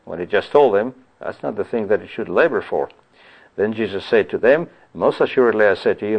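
A man preaching a Bible teaching sermon. He reads scripture slowly, then explains it in a conversational way, with frequent "you see" and "you know". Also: fairly low pitch, highs cut off.

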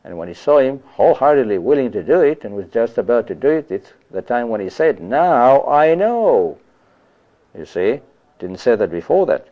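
A man preaches a sermon in a conversational way, at a mid pitch, often adding "you see" and "you know". His voice comes through a slightly muffled, lo-fi recording. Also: lively intonation, a little fast. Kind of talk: sermon on scripture.

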